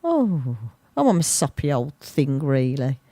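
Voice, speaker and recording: A woman's voice: very deep voice, big pitch swings, unhurried, dark tone, no room sound. Chatty rambling local radio woman. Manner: rambling, self-interrupting, chuckling asides. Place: radio studio. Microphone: studio microphone.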